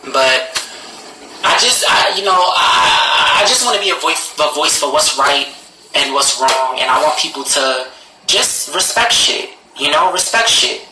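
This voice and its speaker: A man's voice: on the high side, lively intonation, unhurried, raised voice, background noise. A man talking casually to live-stream viewers, blunt and profane, his voice jumping up when he gets indignant. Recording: roomy echo.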